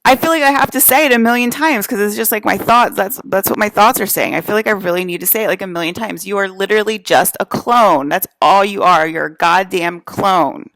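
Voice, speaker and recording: A woman's voice: mid-range voice, fairly quick, hardly any pauses, a bit bright, dry recording. A woman from New Jersey rants on her own to camera, swearing freely and repeating her points with heavy emphasis. Her voice sits in an ordinary middle register. It is recorded close and dry, with no room sound. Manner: profane, emphatic, repetitive. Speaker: vlogger. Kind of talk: rambling solo rant to camera.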